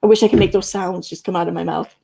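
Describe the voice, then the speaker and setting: A woman's voice: on the low side, fairly even intonation, fast talker, gravelly, dark tone, breathy edge. A woman hosting a casual livestream, rambling and reading chat comments aloud, with the odd curse word. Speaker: livestream host.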